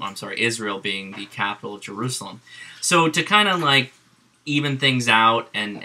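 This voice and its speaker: Guy vlogging about politics, really bright tense voice, laughing as he goes. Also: fairly low pitch. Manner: amused, chuckling retelling with fillers. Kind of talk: casual commentary.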